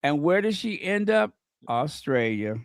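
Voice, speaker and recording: A man co-hosting a casual gossip chat, animated and mocking, breaking into impressions. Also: fairly high pitch, a little slow, no room sound, studio quality. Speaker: co-host.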